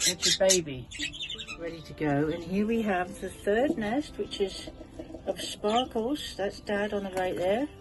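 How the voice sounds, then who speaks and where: A woman speaks slowly and gently in a bird aviary, cooing at her budgies in affectionate baby talk with soft laughs. Her voice sits at an ordinary middle pitch. Loud music and chirping birds play behind her. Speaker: budgie keeper and channel host. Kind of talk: casual vlog talking to pet birds.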